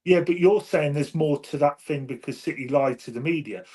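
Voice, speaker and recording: Giggly man, husky high voice. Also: brisk. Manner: giggly, mock-excited. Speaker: podcast panelist. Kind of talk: casual banter.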